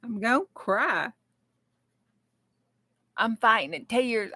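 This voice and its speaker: A woman, hosting a casual craft livestream and chatting excitedly with her viewers. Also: on the high side, slow, long pauses.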